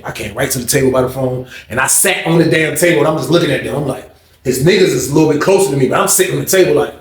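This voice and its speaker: A man casually telling a story in a profane, animated way that jumps into shouts. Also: medium pitch, quick pace, gravelly, roomy sound.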